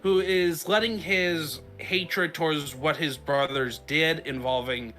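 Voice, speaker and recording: A man's voice: on the high side, fairly even intonation, slow pace, bright, forceful tone, soft background music. A man in casual podcast chat, recapping a game story in a rambling way with frequent fillers and restarts. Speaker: podcast host.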